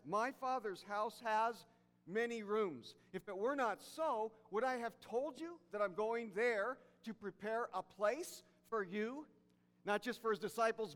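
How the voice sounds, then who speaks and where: A pastor preaching a sermon, emphatic, repeating key phrases and dropping soft for emphasis. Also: male voice, high-pitched. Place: church sanctuary. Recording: church hall reverb.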